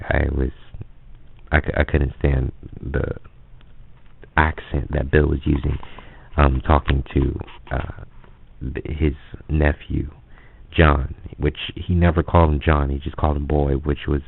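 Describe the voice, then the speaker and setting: A man with a very deep, gravelly voice rambles through a casual story, stumbling and restarting often. The sound is tinny and phone-like. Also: flat delivery, unhurried, pauses often. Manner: rambling, hesitant, many restarts. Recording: phone-like lo-fi audio.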